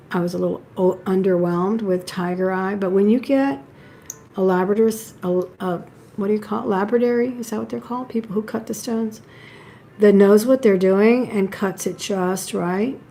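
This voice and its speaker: A woman's voice: medium pitch, vocal fry, mellow, slight background noise. A woman hosting a live jewelry sale, chatting and admiring each piece as she shows it. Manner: chatty, admiring, talks while handling pieces. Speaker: live-stream jewelry seller.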